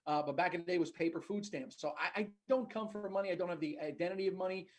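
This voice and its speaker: A man's voice: high voice, fast. A man with a New Jersey accent, a podcast guest telling his story in an earnest, casual way. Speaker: podcast guest, agency executive.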